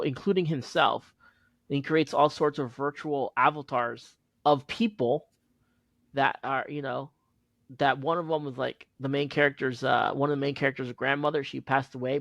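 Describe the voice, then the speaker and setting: A man hosting a podcast, chatting casually and recounting a story in a halting, rambling way. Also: mid-range voice, no echo. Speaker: podcast host. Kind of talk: casual chat.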